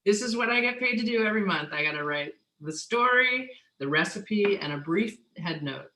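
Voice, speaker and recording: Animated woman chef, bright echoey voice. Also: mid-range voice, normal speed. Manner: animated, joking, laughs often, trails off and restarts. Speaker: chef and author, guest. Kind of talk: casual conversation on stage.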